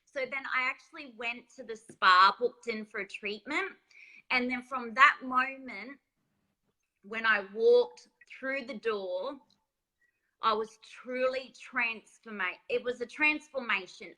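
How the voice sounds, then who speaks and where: Woman, spa founder being interviewed; lively storyteller, higher pitch. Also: poor audio. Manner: lively, laughs often, acts out quoted voices. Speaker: author and spa business founder.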